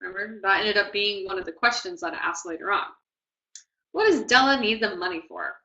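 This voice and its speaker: A woman tutor giving a relaxed classroom lecture for test prep, often checking in with "okay?" and "right?". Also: mid-range voice, a little fast, lo-fi sound.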